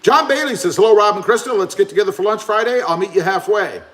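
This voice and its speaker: A man's voice: sits high, quick pace, a bit bright. A man hosting a casual live stream, chatting and reading viewer comments aloud.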